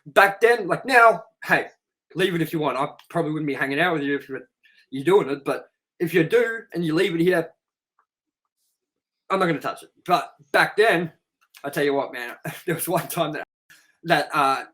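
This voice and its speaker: On poor audio, a podcast host with a slightly high voice speaks at a moderate pace, pausing often. His storytelling is frank and profane, and he livens it up by performing the voices of the people he quotes.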